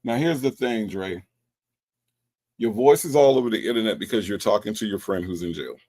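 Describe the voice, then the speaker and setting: A man's voice: on the low side, a little mellow. Confrontational male livestream host. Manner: confrontational, drawn-out, repetitive. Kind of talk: commentary on call recordings.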